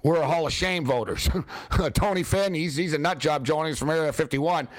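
A man hosting a late-night sports radio show, ranting and joking in an excitable, wisecracking way. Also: fairly high pitch, fairly quick, no echo, studio quality.

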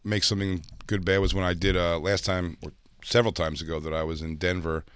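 A man's voice: low-pitched, a little fast, clean tone, dry recording, studio quality. A male comedian hosting a casual talk show, telling stories animatedly and acting out the people in them. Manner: animated, acts out voices in his stories. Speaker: comedian podcast host. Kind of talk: casual storytelling chat.

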